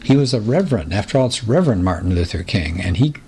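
Male Bible teacher, low voice, unhurried explanatory delivery, faint hiss behind him. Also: big pitch swings, creaky, dark tone. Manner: explanatory, asks rhetorical questions, reads scripture slowly. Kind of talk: recorded Bible lesson.

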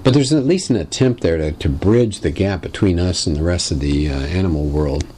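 A man's voice: low voice, brisk, warm tone, a little hiss or hum. A man teaching a lesson on biblical poetry, asking wry rhetorical questions in a conversational way. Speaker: Bible teacher.

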